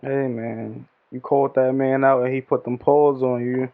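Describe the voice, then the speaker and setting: A man's voice: mid-range voice, level tone, normal speed, vocal fry. Man, podcast host, casual slangy banter, dull muffled sound. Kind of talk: casual chat about hip-hop and news.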